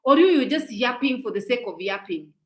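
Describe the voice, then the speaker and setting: This social media commentator, a woman in her forties, delivers a scolding, preachy monologue and keeps repeating her points. Her fairly high voice is expressive and brisk, though the audio is poor and the room echoes.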